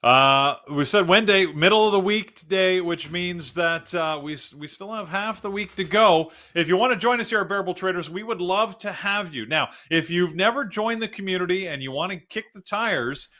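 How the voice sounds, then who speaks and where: A middle-aged man with a Canadian accent and a bright, forward tone. He hosts a live market show in a relaxed, chatty way. He explains price levels step by step. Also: sits high, moderate pace, hardly any pauses. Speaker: trading show host. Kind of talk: live-stream market chat.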